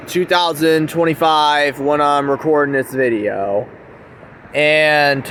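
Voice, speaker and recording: A man's voice: on the high side, a bit bright. A young man ranting to his camera as he walks through town streets, repeating himself and often asking "okay?". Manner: repetitive, keeps asking "okay?" and "you wanna know why?". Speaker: vlogger. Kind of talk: ranting walking vlog. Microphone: handheld camera. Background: faint street and traffic ambience.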